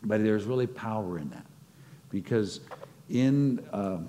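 A man's voice: on the low side, a little slow, mellow, slight background noise. A man preaching a sermon, reflecting on scripture and acting out short stories as he teaches. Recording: long hall reverb.

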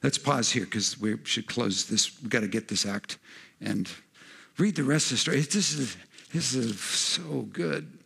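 Man, pastor, sermon, gravelly, conversational then fervent, middle-aged. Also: mid-range voice, expressive, a little slow, bright, forceful tone. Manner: conversational, rising to fervent preaching.

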